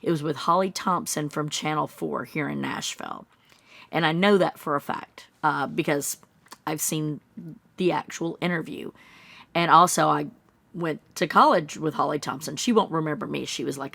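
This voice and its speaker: A woman in her thirties giving casual true-crime commentary, skeptical and musing, breaking into high mocking voices when she quotes people. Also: vocal fry, a bit bright, no echo.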